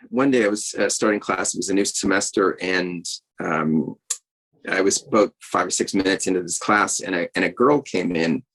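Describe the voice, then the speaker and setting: A man with a low, gravelly and husky voice speaks slowly and reflectively. He tells a personal story in a group conversation on a video call, pausing often with ums and starting his phrases over. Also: a bit bright, rough recording. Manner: hesitant, many ums and restarts. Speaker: art teacher and practitioner in a discussion group.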